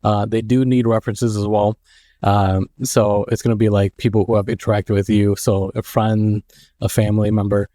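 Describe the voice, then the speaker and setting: A man in his thirties giving casual vlog advice, rambling and halting. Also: on the low side, level tone, mellow, no room sound, studio quality. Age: 30s. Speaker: mail carrier and vlogger.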